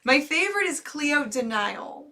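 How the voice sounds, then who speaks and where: A bright, chatty woman with a Midwestern American accent, hosting a casual late-night horror show. Her voice sits fairly high and she giggles easily between comments. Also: big pitch swings, measured pace, recorded from a distance. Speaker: horror movie host. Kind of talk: casual chat reading comments.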